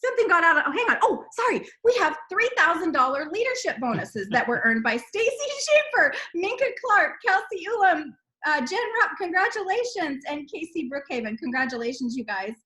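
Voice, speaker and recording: A woman hosting a team call, reading out names with bubbly excitement and frequent exclamations. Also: very high voice, fairly quick, low-quality recording. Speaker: host of a team sales call. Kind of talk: upbeat recognition call.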